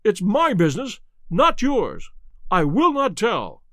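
A man's voice: sits high, big pitch swings, moderate pace, no room sound, studio quality. A man reading aloud, voicing a nervous, cornered middle-aged male butler who stammers and pleads. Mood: defiant.

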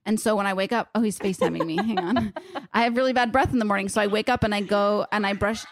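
A woman co-hosting a podcast in casual chat, animated and teasing, with playful exaggeration. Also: mid-range voice, quick pace, dry recording, clean studio sound. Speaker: podcast co-host.

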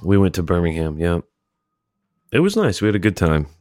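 A man's voice: low voice, big pitch swings, brisk, warm tone, dry recording. A man co-hosting a comedy podcast, teasing his partner with dry, casual banter. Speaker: podcast co-host.

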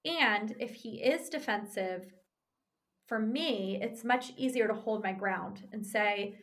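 A woman explaining couples communication in a lively, conversational way, often checking in with "right?". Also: medium pitch, slow pace. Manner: conversational, animated, frequent tag "right?". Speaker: relationship therapist.

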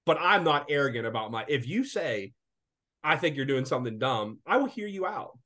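A man in his late twenties, sick and a bit congested, co-hosting a casual podcast with animated, profane storytelling. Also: medium pitch, fairly quick. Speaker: podcast co-host. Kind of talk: casual chat.

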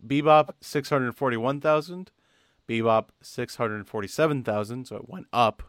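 A young man co-hosting a podcast, talking casually and rambling a little, reading numbers out slowly. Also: medium pitch, no echo, clean studio sound. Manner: rambling with fillers and restarts, reads numbers out slowly. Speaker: podcast co-host.

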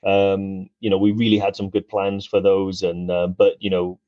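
A man's voice: sits low, monotone, moderate pace, no echo, muffled recording. A man co-hosting a casual live-stream chat, rambling and laughing often.

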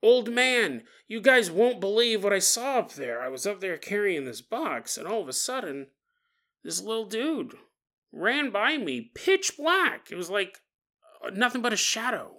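Host doing a hyped teen boy, bright and jumpy. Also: high-pitched, sing-song, unhurried, heavily acted. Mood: excited.

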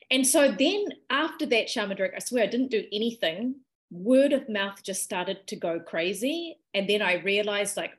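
A woman, a podcast guest telling a personal healing story in a lively, emotional way and acting out quoted dialogue. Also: mid-range voice. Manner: animated, emotional retelling with quoted dialogue and laughs.

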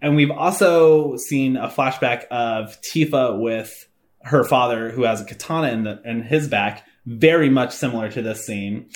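A man co-hosting a casual let's-play, chatting in an animated way, swearing and laughing often. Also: medium pitch, a little slow. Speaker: game co-host.

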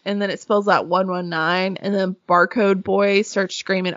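A woman's voice: medium pitch, measured pace, a bit bright, no echo, muffled recording. A woman retelling a show in a casual, sarcastic chat, laughing and swearing as she goes.

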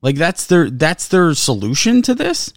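A man's voice: a little high, huge pitch swings, a little slow, dry recording, studio quality. A man co-hosting a sports podcast, ranting in frustration, swearing a lot and repeating himself. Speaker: podcast co-host. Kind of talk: heated sports podcast rant.

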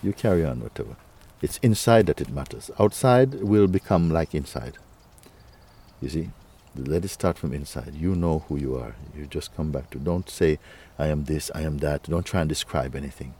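A male spiritual teacher speaking to a listener in a gentle, playful way, laughing often and using nonstandard English grammar. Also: a bass voice, lively intonation, moderate pace, breathy edge. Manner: gentle, playful, laughs often, repeats "you see" and "huh".

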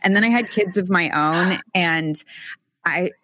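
A woman's voice: lowish voice, a little slow, pushed and bright, no echo, studio quality. A woman hosting a recovery podcast, talking enthusiastically and chattily to her guest. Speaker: podcast host. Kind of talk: casual podcast interview.

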